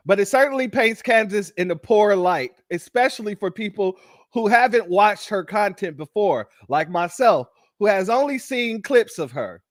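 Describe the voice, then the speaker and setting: Male commentary host, unhurried and chatty, higher register, dry close sound. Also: no room sound. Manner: laughing, chatty, addresses audience as family. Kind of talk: reaction commentary.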